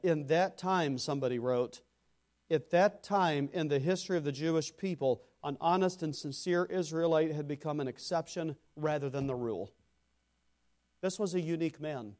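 Fervent male preacher, rising and falling. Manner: preaching with rising emphasis, then dropping soft and low; speaks to congregation members by name. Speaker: pastor. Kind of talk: sermon.

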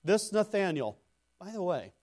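A man's voice: big pitch swings, measured pace. Fervent male preacher, rising and falling. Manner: preaching with rising emphasis, then dropping soft and low; speaks to congregation members by name. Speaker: pastor. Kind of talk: sermon.

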